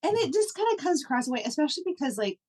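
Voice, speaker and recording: A woman co-hosting a podcast, chatting in a relaxed, rambling way with lots of fillers. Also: high voice, rapid-fire. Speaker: podcast co-host. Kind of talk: casual chat.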